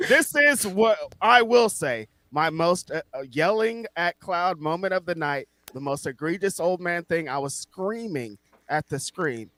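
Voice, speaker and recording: A man co-hosting a podcast, ranting excitably and swearing, his voice hoarse from yelling. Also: high-pitched, unhurried, few pauses, dry recording. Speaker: podcast co-host. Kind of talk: casual wrestling review chat.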